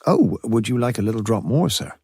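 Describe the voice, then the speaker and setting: Audiobook: a man playing an anxious, obliging landlady, pitched well up, hurried and fluttery. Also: animated, warm tone, breathy edge, no room sound, clean studio sound. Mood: chatty. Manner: flustered and eager to please. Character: fussy, anxious middle-aged landlady. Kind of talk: audiobook character voice.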